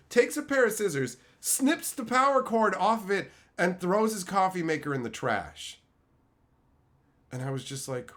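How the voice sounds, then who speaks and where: Animated man telling stories on a live stream. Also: high voice, normal speed. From Canada. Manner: animated, swings into loud shouted quotes. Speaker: streamer opening card packs. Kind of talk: casual live-stream storytelling.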